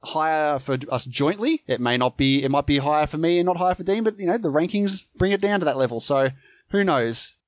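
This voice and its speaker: A man co-hosting a podcast in a relaxed, playful chat. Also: fairly high pitch, brisk, no echo, studio quality. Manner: relaxed, playful, laughs often. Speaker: podcast co-host. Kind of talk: casual chat.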